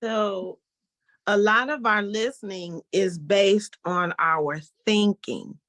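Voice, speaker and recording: A woman's voice: mid-range voice, slow pace, a bit bright. A woman taking part in a group discussion, working through her thoughts aloud with many restarts. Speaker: guest.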